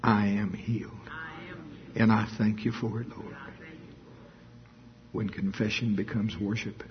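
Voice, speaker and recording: A man's voice: medium pitch, husky, dull audio. A man preaching a sermon, fervent and emphatic, praying aloud and calling out to his listeners.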